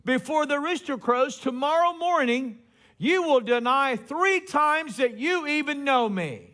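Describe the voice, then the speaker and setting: A man preaching a sermon as pastor, retelling a story with lively acted-out quotes. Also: extremely high pitch, measured pace. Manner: storytelling preacher, acts out quotes with rising emphasis.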